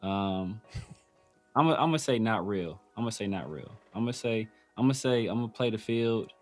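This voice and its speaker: A man's voice: fairly low pitch, lively intonation, fairly quick, a little mellow, faint music behind. A man hosting a casual sports talk show, rambling with many restarts and fillers. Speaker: podcast host.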